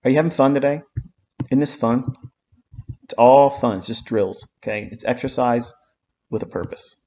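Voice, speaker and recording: Man, mid-pitched voice, live-streamed trading lesson, blunt, swears a lot, repeats himself for emphasis. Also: normal speed, warm tone, a little hiss or hum. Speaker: trading mentor.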